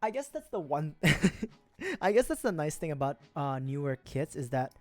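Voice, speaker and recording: A Filipino man with a high-leaning, very animated, slightly mellow voice hosts a casual livestream from his home setup at a moderate pace. He builds a model kit while rambling, interrupting himself with asides and small jokes, as faint music plays behind him.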